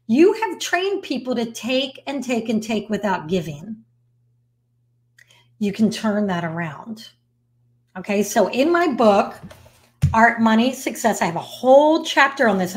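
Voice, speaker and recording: A woman who manages an artist's business and writes about it, telling a story and giving advice to camera in a lively, emphatic way. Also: on the high side. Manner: animated storyteller, emphatic repetition.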